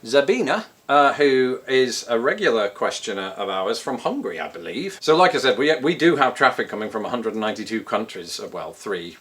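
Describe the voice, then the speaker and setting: A man's voice: mid-range voice, lively intonation, a little fast, few pauses, fairly bright tone. A British man with a British accent, chatting casually to camera as he answers viewer questions with joking, self-deprecating asides. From Britain.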